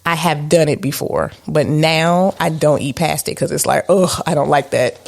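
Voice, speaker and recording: A woman's voice: low-pitched, moderate pace, gravelly, darkish tone. A woman co-hosting a podcast in a casual chat, candid and self-mocking, with many fillers. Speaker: podcast co-host.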